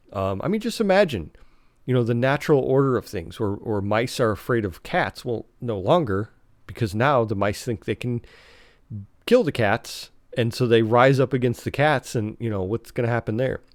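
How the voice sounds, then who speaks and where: A man's voice: mid-range voice, dry recording, clean studio sound. A man hosting a podcast on his own, talking casually. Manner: rambling, full of fillers and restarts. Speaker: podcast host. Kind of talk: casual solo podcast talk.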